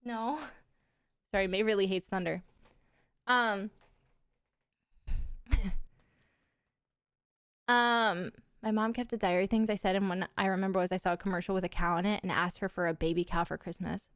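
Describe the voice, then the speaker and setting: A young adult woman livestreaming, chatting casually with viewers in animated stories full of swearing and laughter. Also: mid-range voice, moderate pace, pauses often, clean tone, no echo, studio quality.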